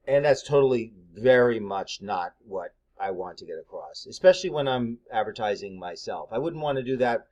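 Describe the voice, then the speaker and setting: Blunt, lively-voiced middle-aged man. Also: medium pitch, moderate pace, few pauses, lo-fi sound. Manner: blunt, candid, conversational with frequent fillers. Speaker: massage therapist. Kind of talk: casual advice talk.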